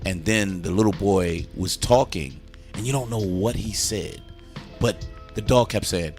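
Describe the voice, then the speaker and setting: A man's voice: fairly low pitch, unhurried, a little mellow, faint music behind. A man hosting a casual movie review chat, enthusiastically retelling scenes and swearing freely.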